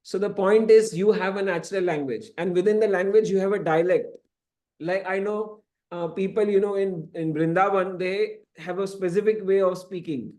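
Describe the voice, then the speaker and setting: A man's voice: high voice, steady tone, moderate pace, a little mellow. A man teaching a scripture class, explaining at length with frequent "you know" asides. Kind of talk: lecturing to a class. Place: temple classroom.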